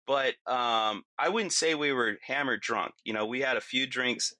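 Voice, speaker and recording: A man's voice: medium pitch, normal speed, dry recording. A middle-aged man, a podcast guest, telling a vivid story casually with lots of fillers. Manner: vivid, lots of fillers, acts out his own yelling.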